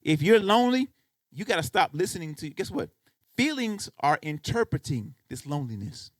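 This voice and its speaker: A man's voice: a little high, big pitch swings, moderate pace, no room sound. A man preaching a sermon as pastor, talking straight to the congregation and pressing his points with repeated questions. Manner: emphatic, repeats "guess what" to drive points home; conversational preaching, addresses congregation directly. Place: church.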